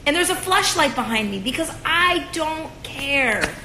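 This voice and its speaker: Very animated and sitting high, this woman in her twenties speaks at normal speed with few pauses during a casual, profane rant on a phone livestream from home. She breaks into sarcastic sung asides, and the arm's-length phone picks up an echoey room and background noise.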